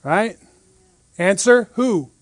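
High-voiced man teaching a Bible study. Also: very slow, no room sound. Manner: lively, rhetorical questions, frequent "right?".

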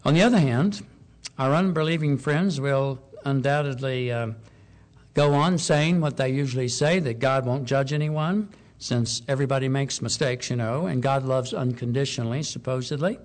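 A man preaching a sermon, measured and deliberate, slowing down and rising in pitch on key points. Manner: measured, slows for emphasis, rises on key points.

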